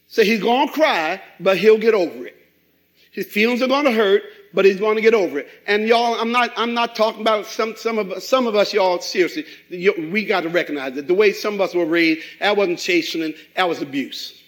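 A middle-aged man preaching a sermon, animated and acting out quoted voices. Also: sits high, normal speed, rough recording. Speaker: pastor.

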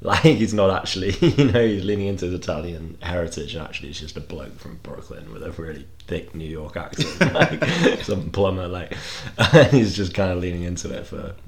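A man's voice: low voice, expressive, fairly quick, creaky, few pauses. A man chatting casually as co-host, dropping wry joking asides. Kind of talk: casual chat.

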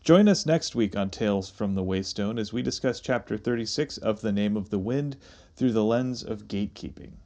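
A man's voice: fairly low pitch, normal speed, dark tone. A man co-hosting a podcast in casual chat, teasing and playful. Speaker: podcast co-host.

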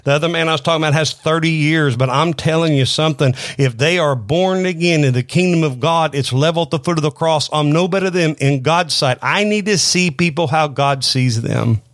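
A man's voice: on the high side, fairly quick, few pauses, a bit bright, no room sound, studio quality. A middle-aged man preaching a sermon, earnest, often repeating words and restarting his sentences. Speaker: pastor. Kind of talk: sermon-style teaching.

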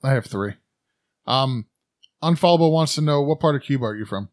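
A man co-hosts a casual podcast, reading listener questions briskly and joking between them. His voice is a middle pitch and sounds dry and close, with no room echo. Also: expressive, a little mellow. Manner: reads questions briskly, jokes and laughs. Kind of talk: casual chat.

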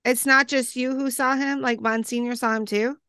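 Woman, interview host, attentive questions, smooth voice, dry close sound. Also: high voice, steady tone, normal speed, bright, forceful tone, no room sound. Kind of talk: interview chat.

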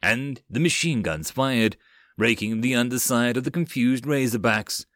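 A man reading a web novel audiobook in a steady storytelling manner. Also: medium pitch, normal speed, no echo, clean studio sound. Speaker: audiobook narrator. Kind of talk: scripted narration.

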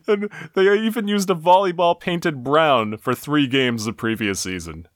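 A man's voice: fairly high pitch, drawn-out words, pauses often, no room sound, studio quality. A man from the Boston area hosting a podcast, chatting casually as he recaps an episode with laughs. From Boston area, USA. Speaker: podcast host.

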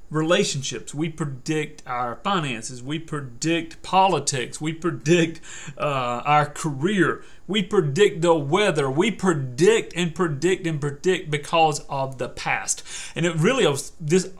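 A man's voice: a little high, fairly bright tone. An older man hosting a podcast as a persuasion coach, talking in an emphatic, repetitive motivational style and telling stories.

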